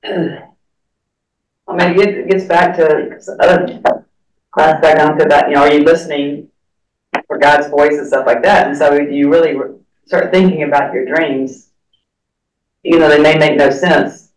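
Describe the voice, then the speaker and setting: A man's voice: a little high, steady tone, a little slow, long pauses. A man in a church class discussion, thinking aloud in a chatty way. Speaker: class member. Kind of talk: group discussion. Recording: echoey room, far from mic.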